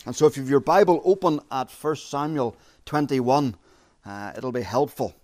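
A man preaching an expository sermon, measured and emphatic, repeating his key phrases. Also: medium pitch, a little mellow.

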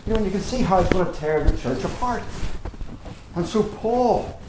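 A man's voice: high-pitched, expressive, moderate pace, noisy background. Earnest man preaching in a roomy church. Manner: earnest, emphatic preaching with rhetorical questions. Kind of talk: sermon.

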